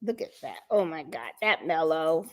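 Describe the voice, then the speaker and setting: Reading comments aloud, a Puerto Rican woman welcomes viewers by name during her relaxed craft livestream. She speaks at a moderate pace in a deep voice with lively intonation.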